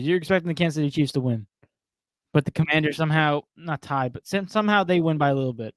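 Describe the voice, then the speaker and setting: A man's voice: a little high, quick pace, no echo. A young man co-hosting a casual sports podcast, keeping the show moving in an upbeat, joking way. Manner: upbeat, steers the show, jokey. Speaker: podcast co-host.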